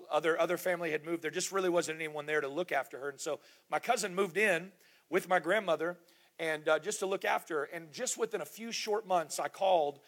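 Bright, high-voiced preaching man. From grew up in the United States, born in Germany. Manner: preaching with call-and-response, rising to shouts. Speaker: pastor. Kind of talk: sermon. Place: large church room.

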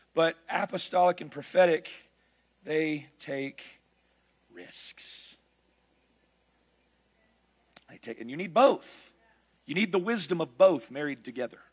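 A man preaching a sermon, emphatic, building his lists up to shouts. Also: high-pitched, husky.

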